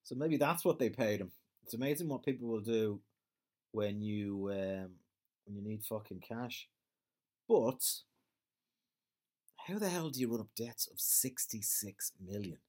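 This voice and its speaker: A man's voice: on the low side, animated, measured pace, long pauses, darkish tone. A man with an Irish accent in a casual, rambling monologue, swearing freely and trailing off as he hunts for words. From Ireland.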